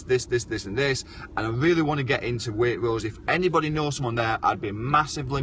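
A man's voice: mid-range voice, a bit bright. A man hosting a casual live-stream chat, talking bluntly and swearing now and then. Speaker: show host. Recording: faint background noise.

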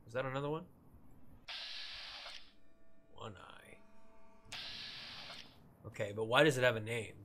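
Young man, streamer, gameplay commentary, wry jokes, talks back at the screen, mid-pitched voice. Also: moderate pace, a bit bright, slight background noise. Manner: joking, reactive, talks to the game characters. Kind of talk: let's-play commentary.

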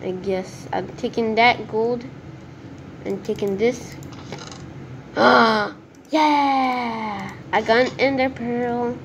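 Woman, gameplay commentator, high voice, slow unhurried delivery, nervous and excitable. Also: slight background noise. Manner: excitable, nervous self-talk. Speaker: gaming video creator.

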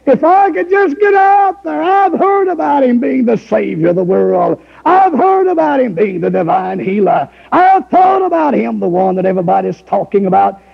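Man preaching as a desperate sick woman, pleading, high gravelly voice, dull old recording. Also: very animated, moderate pace, few pauses, heavily acted. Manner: pleading, breathless yearning. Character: desperate ailing woman longing for healing. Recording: lo-fi recording with long hall reverb.

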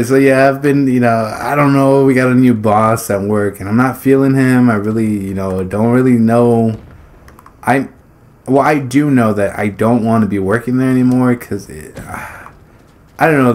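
A man giving loose, casual commentary while he plays a shooter, his voice at an ordinary middle pitch. He rambles from thought to thought, swears without a second thought and breaks into short laughs between phrases, throwing in sudden exclamations as the action picks up. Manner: blurts exclamations during play. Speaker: gaming YouTuber. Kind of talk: casual commentary over gameplay.

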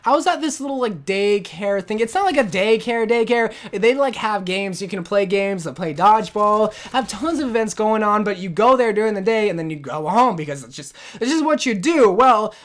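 A woman gaming commentator telling a storytime rant in a casual, slangy, animated way. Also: medium pitch, moderate pace, hardly any pauses.

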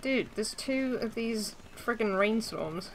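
A woman's voice: on the high side, lively intonation, slow pace, a little hiss or hum, poor audio. A woman co-hosting a gaming podcast, chatting casually while playing online, giggly and teasing.

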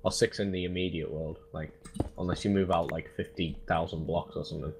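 Chill young guy gaming with a buddy, kinda low voice that swings around a lot, hissy noisy mic. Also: fairly even intonation, brisk. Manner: laid-back, dry teasing remarks. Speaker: co-player. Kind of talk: casual gameplay chat.

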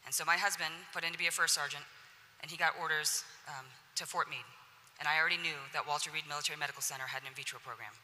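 A woman's voice: low-pitched, steady tone, quick pace, hardly any pauses, pushed and bright. A woman speaking frankly and directly on a panel at a symposium, in a conversational tone. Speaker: senior enlisted leader on a panel. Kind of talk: candid panel talk at a symposium. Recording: echoey hall.

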